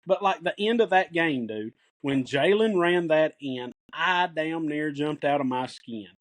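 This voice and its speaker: A middle-aged man with a Tennessee accent tells folksy, excited stories on a casual podcast. His voice sits high for a man. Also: unhurried. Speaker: podcast co-host. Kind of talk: casual sports podcast chat.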